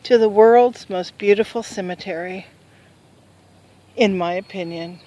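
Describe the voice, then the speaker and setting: A woman's voice: medium pitch, a little slow, warm tone, muffled recording. An older woman chatting to camera as a travel vlogger outdoors, in a joking, self-mocking manner. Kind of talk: casual chat to camera. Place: outdoors in a hillside cemetery.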